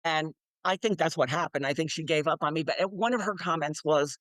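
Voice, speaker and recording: A woman's voice: low-pitched, fairly quick, fairly bright tone, dry recording. An older woman, an author being interviewed, chatting animatedly and acting out quoted voices with frequent laughs. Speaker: author and guest. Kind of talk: casual interview chat.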